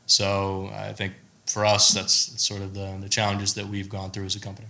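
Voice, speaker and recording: An American man, a startup founder on a panel, giving a measured, explanatory answer. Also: fairly low pitch, creaky. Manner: measured, explanatory, steady delivery.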